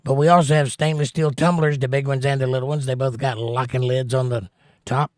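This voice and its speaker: A man's voice: medium pitch, little pitch movement, a little mellow, no room sound. Dry-voiced joking male stream host. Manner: jokey, chatty, quick to pun. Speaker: livestream host. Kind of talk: casual chat reading out viewer comments.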